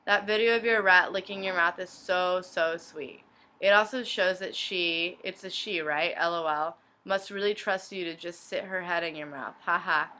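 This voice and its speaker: A young woman vlogger flatly reading fan messages from her inbox aloud, one after another. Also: fairly low pitch, clean tone, rough recording. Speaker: video blogger reading fan questions.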